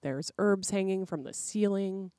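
A woman's voice: medium pitch, a little slow, mellow, no echo, studio quality. A woman podcast co-host telling a folklore tale in a casual, laid-back way. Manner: laid-back, conversational, uses "like" and "dude". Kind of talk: casual storytelling.

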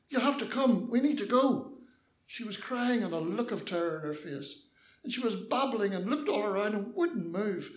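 A man's voice: high-pitched, echoey room. An older Northern Irish man telling a personal story with mischievous liveliness, acting out the voices.

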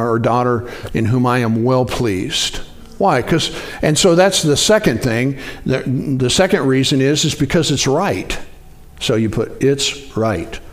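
A man preaching a sermon in a conversational way, often asking the congregation to respond. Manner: animated, jumps up in pitch for acted-out quotes. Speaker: pastor.

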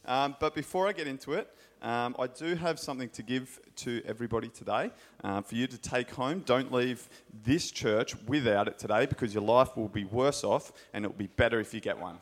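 A man's voice: medium pitch, fairly quick, hardly any pauses. Man, Australian accent, casual sermon, enthusiastic, chatty storyteller, church. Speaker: pastor and school scripture teacher.

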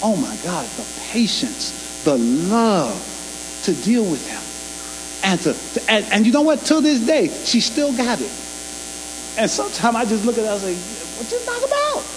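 A man preaches with a high, lively voice that leaps up and drops down. His folksy, colloquial sermon keeps turning to the crowd for call-and-response. Long hall reverb rings around him over a faint mains hum. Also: moderate pace. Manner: colloquial, loose grammar. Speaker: pastor.

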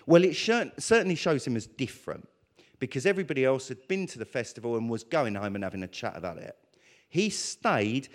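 A man preaching a sermon, talking through scripture and acting out prayers and dialogue in an animated way. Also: medium pitch.

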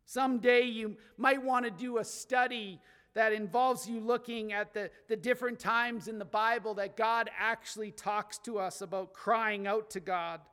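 A male pastor preaching with a very high, smooth and resonant voice. His tone is bright and forceful, swelling with passion and then sinking low. The sound rings with the long reverb of a large church hall. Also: fairly even intonation, normal speed, hardly any pauses. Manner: earnest preaching, swelling and dropping in intensity. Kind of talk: sermon.

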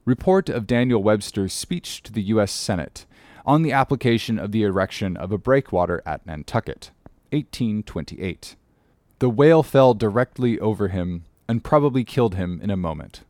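A man narrating an audiobook in a measured, formal reading manner. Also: on the low side, lively intonation, a little mellow, no echo, clean studio sound.

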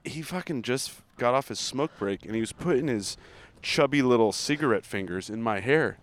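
A man's voice: medium pitch, lively intonation, normal speed. A man cohosting a podcast while walking outdoors, quizzing his friend playfully and rambling through anecdotes. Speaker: podcast co-host. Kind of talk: casual walking chat. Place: outdoors on a city street.

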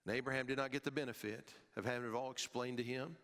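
Bright-voiced preacher in a reverberant hall. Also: male voice, steady tone, fast. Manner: emphatic, with wide swings in pitch and loudness, dropping low at phrase ends; repeats words when restarting. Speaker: pastor. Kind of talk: sermon.

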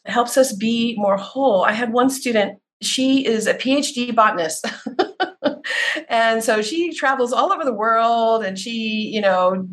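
A woman's voice: fairly high pitch, unhurried. A woman who teaches herbalism, talking earnestly in a podcast conversation and telling stories about her students. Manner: earnest, animated storytelling with acted quotes.

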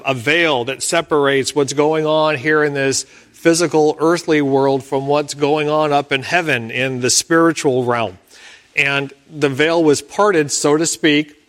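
A man preaching a sermon as pastor, explaining scripture in a slow, measured way with careful pauses. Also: fairly high pitch, a bit bright.

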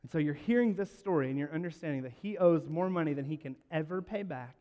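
A man preaching a sermon, telling a story and acting out its lines, moving between hushed and loud. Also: on the high side, fast talker, dull audio. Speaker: pastor. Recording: long hall reverb.

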